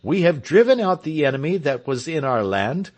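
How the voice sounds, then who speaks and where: A man's voice: a little high, sing-song, normal speed, darkish tone, voice pushed up. A man reading the part of William Tell, a resolute heroic marksman, in a stirring, declamatory way for an audiobook. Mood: rousing.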